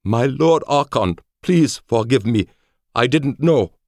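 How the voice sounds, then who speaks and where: A man's voice: mid-range voice, animated, slow, a little mellow, no echo, studio quality, pitched above the performer's own voice. A man voicing a devout, anxious young male samurai guard in an audiobook, with pleading, indignant speech. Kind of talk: audiobook character voice.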